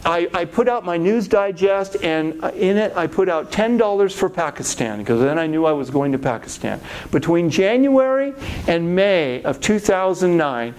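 A middle-aged man, a pastor, telling a personal faith story in a lively way and acting out the voices he quotes. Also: on the high side.

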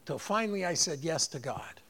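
A man's voice: fairly high pitch, animated, brisk, vocal fry, a bit bright, husky. A man preaching a sermon, rising on key phrases and leading the congregation in repeating lines. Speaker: pastor.

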